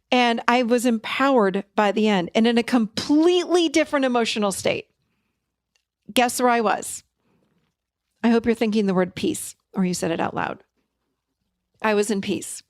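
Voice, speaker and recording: A woman's voice: on the high side, no echo, clean studio sound. A middle-aged woman hosting a self-help talk, encouraging listeners in an emphatic way and repeating key words for stress. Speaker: podcast host and therapist.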